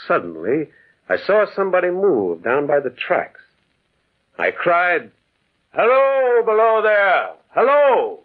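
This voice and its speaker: A man's voice: medium pitch, breathy edge. A man in an old radio drama playing a lonely, brooding man who narrates his memories in a wistful, mournful way. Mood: calling out. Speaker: narrator and lead character. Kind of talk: 1940s radio acting. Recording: tinny old radio broadcast.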